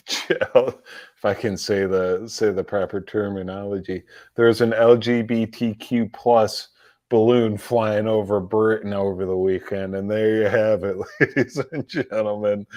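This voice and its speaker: A man talking slowly and at length on a live commentary stream, his voice sitting fairly low. He is mocking and sarcastic, laughs often, and trips over and repeats his words. The recording is dry and close. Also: a little mellow, dry recording. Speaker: livestream political commentary host.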